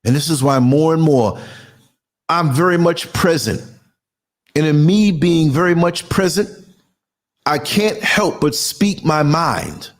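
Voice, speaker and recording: On his own podcast, a US culture critic in his sixties rants in an indignant, fiery monologue, hitting words hard. He speaks slowly in a slightly high voice, pausing often.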